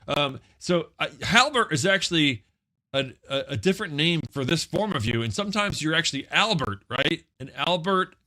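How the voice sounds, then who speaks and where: A man's voice: on the high side, lively intonation, moderate pace, pushed and bright. A man co-hosting a live comedy show who needles the guest with playful questions, stammering and riffing as he goes. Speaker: comedy podcast co-host. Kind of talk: live improvised comedy interview.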